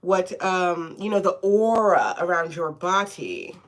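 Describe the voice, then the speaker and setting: A woman's voice: on the low side, expressive, unhurried, background noise. A woman giving a casual live tarot reading from home, chatty and often checking in with "okay?". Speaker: tarot reader.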